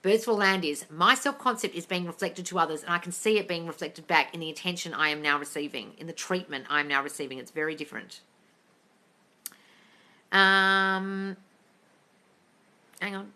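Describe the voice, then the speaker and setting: A woman's voice: on the low side, moderate pace, long pauses, pushed and bright. A woman coaching listeners in a casual live-stream Q&A, blunt and sweary, calling everyone darling. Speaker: manifestation coach answering live questions. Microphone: phone.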